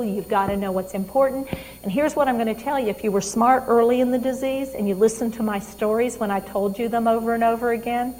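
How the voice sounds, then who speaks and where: A woman's voice: on the high side, in a large hall, low-quality recording. A woman trainer giving a live talk on dementia care, emphatic and quizzing her audience.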